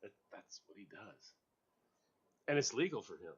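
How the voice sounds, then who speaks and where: A man's voice: fairly low pitch, very animated, normal speed, husky, dull audio. A man hosting a radio talk show, chatting casually, laughing often and repeating his words. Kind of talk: casual chat.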